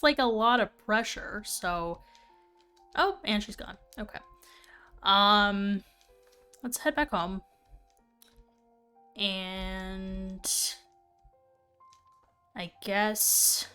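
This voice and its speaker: A woman's voice: medium pitch, a bit bright. Chatty young woman streaming a game. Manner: chatty, thinking aloud with fillers. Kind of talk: casual gameplay commentary.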